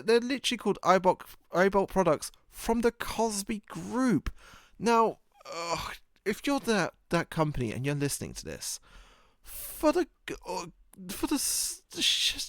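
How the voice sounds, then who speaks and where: A man's voice: sits high, very animated, measured pace, fairly bright tone, dry recording, clean studio sound. A man hosting a podcast in a casual rambling monologue. He jokes, swears freely and laughs at his own jokes. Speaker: podcast host.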